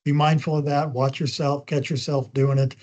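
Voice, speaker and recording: A man giving spokesperson training on a video call, talking quickly once he gets going, with frequent ums and uhs. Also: on the high side, flat delivery, darkish tone. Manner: talks fast when he gets going. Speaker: media trainer. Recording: dull lo-fi call audio.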